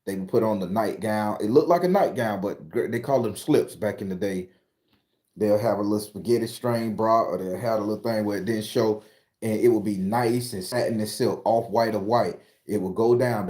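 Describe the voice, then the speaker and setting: Guy from florida, 40s, cussing and telling spooky stories on his live chat, lowish mellow voice. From southern Florida. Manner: profane, animated storyteller reading out viewer comments. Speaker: host. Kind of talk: casual live chat storytelling.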